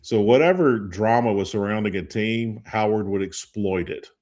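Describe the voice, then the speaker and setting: A man's voice: on the low side, moderate pace, a little mellow. Tired, rambling fifties man. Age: 50s. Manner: rambling, chatty, loses names mid-thought. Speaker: sports talk show co-host. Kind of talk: casual chat.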